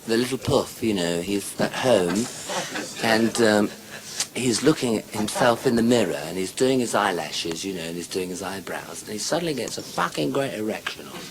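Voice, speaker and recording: A man's voice: fairly low pitch, moderate pace, background noise. A man doing live stand-up, telling crude jokes in a chatty way. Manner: chatty, lively joke-telling with crude language. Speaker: stand-up comedian. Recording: live audience laughter.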